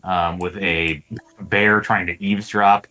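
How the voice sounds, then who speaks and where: A man's voice: sits low, steady tone, slow pace, bright, forceful tone. A man playing a tabletop game, chatting casually and asking the game master wry questions. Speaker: player.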